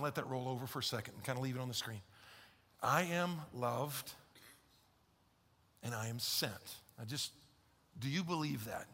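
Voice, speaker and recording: Gravelly, bright-voiced preacher in a hall. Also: male voice, mid-range voice. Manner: conversational, emphatic, swinging from loud to hushed. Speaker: pastor. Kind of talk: sermon. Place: large church sanctuary. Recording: long hall reverb in a church.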